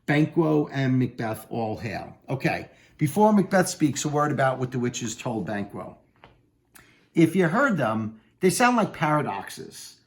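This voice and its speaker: Lively-voiced man teaching a play. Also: a little high, a little slow. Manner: conversational, explanatory, with uh fillers. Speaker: literature teacher. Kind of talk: explaining a play line by line.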